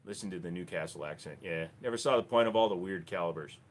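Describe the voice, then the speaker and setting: A man's voice: low-pitched, fast. A man hosting a casual livestream, chatting offhand with viewers, rambling and swearing freely into a desk microphone. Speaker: livestream host.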